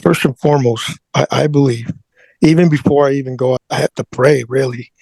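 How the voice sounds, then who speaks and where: A man's voice: medium pitch, fairly even intonation, fairly quick, creaky, a little mellow, husky, dry recording. A man who is a guest on an interview show, telling a personal story earnestly and often repeating his words.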